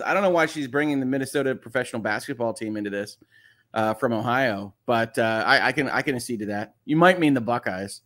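A man's voice: medium pitch, brisk, a bit bright. A man in his thirties hosting a casual morning livestream, chatting and reading viewer comments with lots of fillers. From Michigan. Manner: chatty, rambling, many fillers. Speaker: livestream host.

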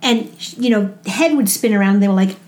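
A woman's voice: mid-range voice, fast talker, warm tone. A woman from New York with a Brooklyn accent, a marketing guest telling stories in upbeat, chatty interview talk. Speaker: podcast guest, marketing educator. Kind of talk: casual interview chat.

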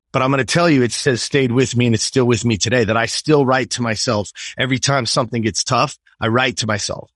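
A man in his fifties tells a personal story as an interview guest. He speaks in an emphatic, swearing way at a mid-range pitch, and the recording is dry and close. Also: steady tone, a little fast, few pauses, fairly bright tone, no room sound. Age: 50s. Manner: emphatic and profane, keeps asking "right?". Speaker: podcast guest.

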